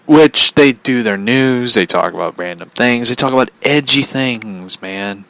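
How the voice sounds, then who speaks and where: A man's voice: medium pitch, a little slow, pushed and bright, no echo, low-quality recording. A man ranting bluntly in a casual commentary vlog, swearing freely and often laughing at his own points. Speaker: vlogger.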